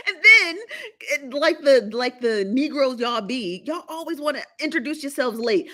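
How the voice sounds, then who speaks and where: A woman's voice: sits high, animated, a little slow, sharp tone. Chatty woman hosting a livestream. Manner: chatty, laughing, teasing the chat. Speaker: live show host. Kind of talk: casual livestream chat.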